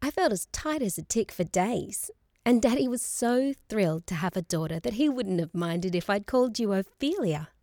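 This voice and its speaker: A woman reading a storybook voices a loving, sunny-natured young mother who talks gently. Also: mid-range voice, expressive, normal speed, dry recording, studio quality, close to an everyday voice. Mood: tender. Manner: gentle, soothing.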